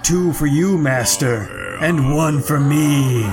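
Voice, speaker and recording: A man's voice: a little high, takes it slowly, over music. A man voicing a sinister old male warlock who is disguised as a harmless old man, in a creepy, gloating tone.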